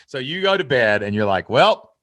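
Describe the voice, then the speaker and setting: Excitable podcast host man, bright voice. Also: medium pitch, a little fast, no room sound, studio quality. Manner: excitable, animated, rambling with many fillers. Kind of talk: casual interview chat.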